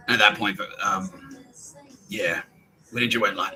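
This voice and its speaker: A man's voice: fairly low pitch, normal speed, bright, forceful tone, rough recording. Profane rambling Australian man. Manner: profane, rambling, acts out others' speech. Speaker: podcast host. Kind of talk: rambling monologue.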